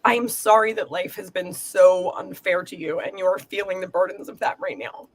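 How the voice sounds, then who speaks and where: A woman's voice: mid-range voice, steady tone, moderate pace. A middle-aged woman giving an earnest, emotional psychic reading, reassuring and encouraging. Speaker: psychic reader. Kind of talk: live group reading.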